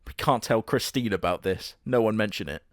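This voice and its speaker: A man hosting a comedic reaction video with sarcastic, profane, deadpan jokes. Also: fairly low pitch, fairly quick, dry recording, studio quality.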